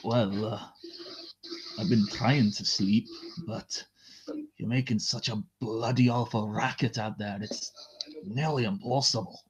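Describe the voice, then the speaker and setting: A man voicing a brash, rude, injured male prince with a Scottish accent. He talks in a halting, crude way with many fillers. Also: on the low side, fairly even intonation, slightly rough. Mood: grumpy. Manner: hesitant, filler-heavy, crude. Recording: dull lo-fi recording.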